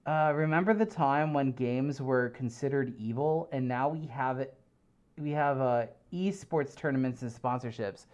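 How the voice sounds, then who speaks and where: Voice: medium pitch, a little mellow, clear, resonant tone, highs cut off. Live streamer, giggly, rambling, casual chat, many fillers. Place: home streaming room.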